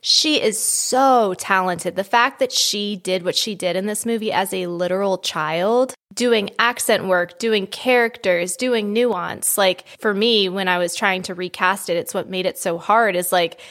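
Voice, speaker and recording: Woman cohost chatting, lively, swears a lot. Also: mid-range voice, a little slow, few pauses. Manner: animated, swears freely. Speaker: podcast co-host. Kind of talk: casual chat.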